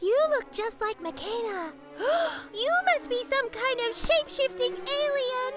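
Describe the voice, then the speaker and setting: A squeaky cartoon pet. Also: female voice, animated, measured pace. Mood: dramatic. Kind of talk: kids cartoon voice acting. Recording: cartoon soundtrack with loud music.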